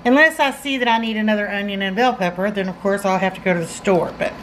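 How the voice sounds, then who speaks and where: A woman's voice: medium pitch, quick pace, a bit bright, a little hiss or hum, rough recording. A middle-aged woman with a Southern US accent, chatting folksily while demonstrating a recipe in her home kitchen. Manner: folksy, chatty, says y'all. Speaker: cooking channel host. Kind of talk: casual cooking demonstration.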